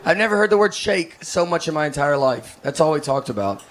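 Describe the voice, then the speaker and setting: Deadpan man doing stand-up. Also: a little high, brisk. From Tennessee. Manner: deadpan, self-deprecating storytelling. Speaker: stand-up comedian. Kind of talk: stand-up comedy. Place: comedy stage with a live audience. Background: audience laughter.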